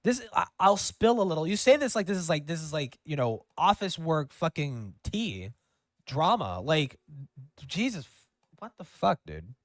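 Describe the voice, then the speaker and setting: A man's voice: a little high, big pitch swings, normal speed, no echo. A man giving reaction commentary on screenshots, incredulous and profane, stammering into outbursts. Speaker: commentary YouTuber.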